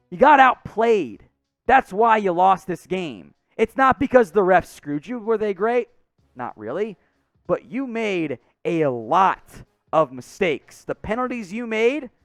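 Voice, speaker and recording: A man hosting a sports show, ranting in frustration, his voice going hoarse. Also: sits high, no echo. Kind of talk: fired-up sports commentary.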